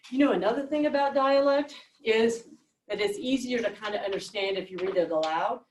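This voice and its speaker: High-voiced woman teacher in an echoey classroom. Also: fairly quick. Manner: explains step by step, asks the class questions. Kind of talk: classroom reading lesson. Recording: echoey classroom, mic at a distance.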